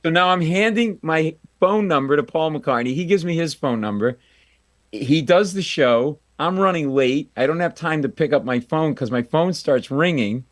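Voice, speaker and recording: A male comedian tells a story on a radio show, animated and quick to mock himself. He acts out every voice in the story. The sound is dry and close to the mic. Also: on the high side, dry recording. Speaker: comedian guest.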